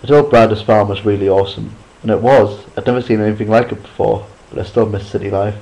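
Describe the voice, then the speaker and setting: A man's voice: fairly low pitch, fast talker, gravelly, lo-fi sound. Man reading a chapter book aloud. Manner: steady reading with occasional restarts after slips. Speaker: reader. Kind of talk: amateur audiobook reading.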